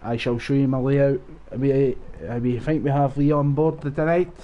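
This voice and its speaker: A man's voice: mid-range voice, level tone, moderate pace, lo-fi sound. A young Scottish man giving live, rowdy, swear-filled commentary on his game stream. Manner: sweary, rowdy banter with the chat. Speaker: gaming streamer.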